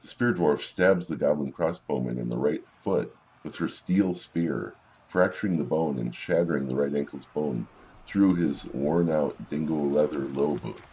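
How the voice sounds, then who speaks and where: A man with an extremely deep, husky voice talks through a video game in a relaxed, casual way. He reads the in-game combat reports aloud and drops wry little asides between them. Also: measured pace. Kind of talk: casual gameplay commentary.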